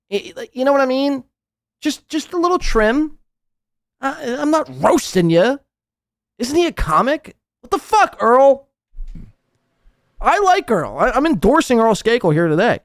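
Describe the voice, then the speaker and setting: Male podcast host, crude mocking rant, very lively pitch, dry close sound. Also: no room sound. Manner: crude, sarcastic, mocking, swings between loud outbursts and muttering. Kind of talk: ranting live podcast commentary.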